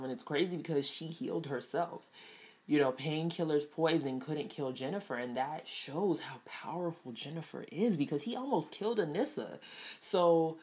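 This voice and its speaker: A woman casually reviewing a TV episode, chatty, with lots of fillers and frequent laughs. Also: low voice. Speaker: TV show reviewer.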